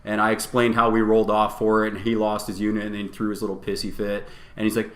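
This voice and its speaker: A man co-hosting a podcast, telling a tabletop tournament story in a casual, animated and profane way, acting out both sides of the argument. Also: lowish voice, quick pace, hardly any pauses. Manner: animated, profane storytelling with quoted back-and-forth. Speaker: podcast co-host. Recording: roomy echo.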